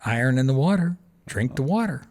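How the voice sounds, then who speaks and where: A man with an ordinary, middle-pitched voice tells a story in a relaxed interview. He talks in a lively way, acting out each person's lines and breaking into laughter as he goes. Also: brisk. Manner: animated anecdote-telling, acting out quoted voices, laughs often. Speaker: podcast guest, charity founder.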